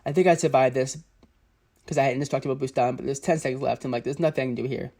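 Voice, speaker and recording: A man's voice: medium pitch, steady tone, racing, warm tone. A man giving casual play-by-play commentary over his own mobile game footage, often exasperated. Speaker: gaming channel host.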